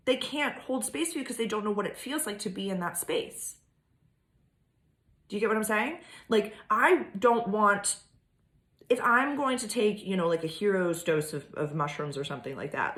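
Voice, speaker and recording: A woman's voice: mid-range voice, a bit bright. A woman vlogging about astrology in a casual, rambling way, full of fillers and swearing. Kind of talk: casual monologue. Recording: echoey room.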